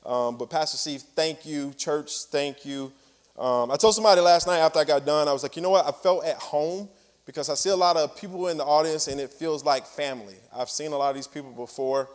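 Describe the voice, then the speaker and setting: A man from Mississippi with a Southern twang, a guest speaker giving a chatty, relaxed sermon. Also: fairly high pitch, a little fast. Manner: relaxed, chatty with laughs and fillers. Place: large church hall. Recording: hall reverb from a church stage.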